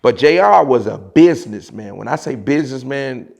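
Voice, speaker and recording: Gravelly Chicago man telling a story. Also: mid-range voice, moderate pace. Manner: animated, mimics voices of others in quotes, frequent laughs and slang. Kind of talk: casual storytelling.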